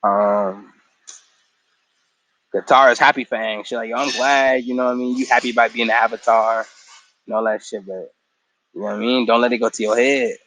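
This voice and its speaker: A man's voice: medium pitch, fairly even intonation, fairly quick, pauses often, fairly bright tone, poor audio. A tired man in a casual episode recap after a work shift, slangy and profane, acting out the characters' lines as he retells the story. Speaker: show recap vlogger.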